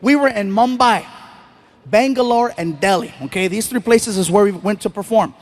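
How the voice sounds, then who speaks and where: A man doing a stand-up comedy routine on stage, telling stories in an animated way with loud bursts. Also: high voice, normal speed. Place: stage before a live audience.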